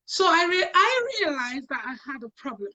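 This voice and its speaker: A woman's voice: high-pitched, very animated, moderate pace, pushed and bright. A woman, a talk show guest, telling her own story in an earnest way and repeating phrases for emphasis. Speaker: guest sharing personal experience. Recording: dull lo-fi sound.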